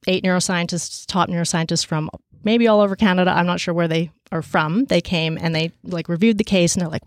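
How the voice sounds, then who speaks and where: A woman telling a story casually and with energy, with many fillers, and raising her pitch to act out the people she quotes. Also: a little fast, hardly any pauses, dry recording. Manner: animated, acts out quoted voices at a higher pitch.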